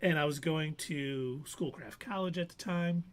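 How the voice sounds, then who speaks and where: This time he speaks unhurriedly, his voice still on the high side, with slight hiss or hum present. The podcast co-host animatedly relates a lengthy anecdote on a live show, acting out the characters' lines.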